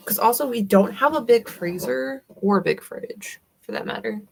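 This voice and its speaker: A woman's voice: a little high, moderate pace, vocal fry. A young adult woman with a Southern US accent, chatting casually with livestream viewers in a rambling, giggly way with lots of fillers. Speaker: livestream host.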